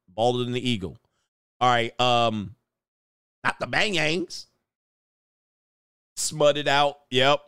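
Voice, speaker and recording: A man's voice: mid-range voice, a bit bright, smooth, dry recording, studio quality. A man hosting a casual reaction show, joking in slang and often laughing as he comments on clips. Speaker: commentary host.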